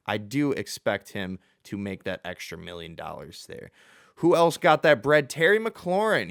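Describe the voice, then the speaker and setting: A man's voice: on the low side, a bit bright, clear, resonant tone, dry recording, studio quality. A young man hosting a casual solo sports show, chatty and jokey, with fillers and self-corrections. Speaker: sports podcast host.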